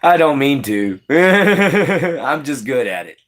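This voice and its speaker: Chatty male livestream host, lively pitch. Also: slow pace. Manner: chatty, answers chat by name, laughs often. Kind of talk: casual livestream chat with viewers.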